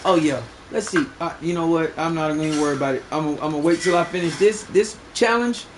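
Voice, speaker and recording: A man's voice: fairly high pitch, quick pace, noisy background. A young man streaming a fishing game, bragging and swearing in loose slang as he talks to his chat. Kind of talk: live gameplay commentary.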